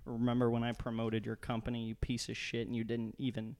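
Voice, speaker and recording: A man's voice: mid-range voice, completely flat delivery, fairly quick, darkish tone, a little hiss or hum. A young man co-hosting a podcast, joking and rambling with lots of swearing. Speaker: podcast co-host. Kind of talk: casual profane chat.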